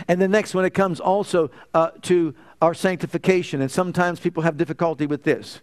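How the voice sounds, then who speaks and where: A man with a notably high voice delivers a sermon as a preacher. He moves between quiet, low retellings and fervent, rising proclamations. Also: fairly even intonation, brisk, few pauses. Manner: rising to fervent emphatic declarations, dropping to soft hushed lines.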